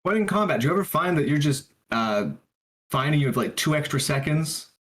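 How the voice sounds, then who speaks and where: A man playing a tabletop game, talking casually in a hesitant, halting way. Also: on the high side, expressive, a bit bright. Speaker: player.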